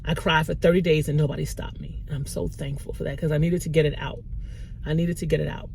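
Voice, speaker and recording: A woman's voice: quick pace, gravelly, slight background noise. A middle-aged woman and mother giving a heartfelt faith pep talk to the camera, conversational and tearful. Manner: warm, conversational, lively pitch swings with bursts of laughter. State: tearful, emotional. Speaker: mother and small business owner.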